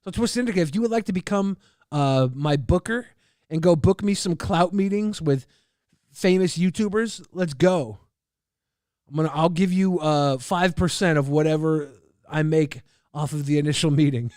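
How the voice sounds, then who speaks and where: A man streaming casually, reading and answering chat in a loud, profane, combative rant. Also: fairly high pitch, moderate pace, no echo, studio quality.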